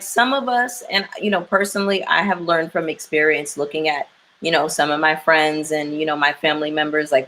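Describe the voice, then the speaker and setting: Reading viewer comments aloud, this young livestream commentary host talks to her audience with candor and emphasis. Her voice sits low with a slightly bright edge, and the low-quality audio carries a little hiss or hum.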